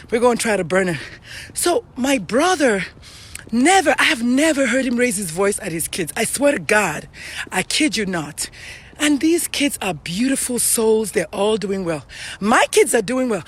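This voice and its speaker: A woman's voice: on the high side, lively intonation, moderate pace, breathy edge. A middle-aged Nigerian woman hosting a casual live stream, talking earnestly and chattily to viewers while out of breath from walking uphill outdoors.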